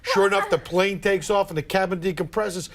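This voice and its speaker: Wisecracking middle-aged man, gravelly and high. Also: fairly even intonation, a little fast, background noise. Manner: wisecracking, exasperated comic rants. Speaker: comedian guest. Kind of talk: stand-up style routine on a morning show.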